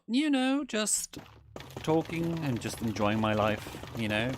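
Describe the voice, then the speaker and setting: Casting: man playing a theatrical male owl demon prince, lower-voiced, fond of "darling", streaming a game. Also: fairly bright tone. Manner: theatrical, calls people darling, giggly. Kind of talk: in-character gameplay livestream.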